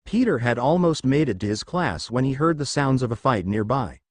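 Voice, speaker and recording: A man reading fan fiction aloud as narrator, with expressive storytelling. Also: mid-range voice, normal speed, no echo.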